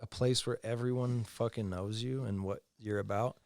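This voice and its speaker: A man's voice: fairly low pitch, fairly even intonation, normal speed, vocal fry, a little mellow, dry recording. A man in his thirties, a former pro snowboarder, talking loosely and candidly on a podcast, full of swearing and fillers. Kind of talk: casual interview chat.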